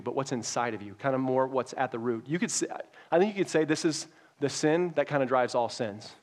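A man preaching a sermon as pastor, reading scripture and explaining it in a conversational way that rises to emphatic peaks. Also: mid-range voice.

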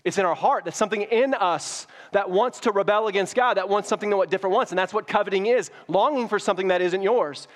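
A male pastor delivering a sermon with a slightly high voice. He talks to his congregation casually, then climbs into emphatic, near-shouted points. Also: quick pace, hardly any pauses. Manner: conversational preaching, rising to emphatic peaks.

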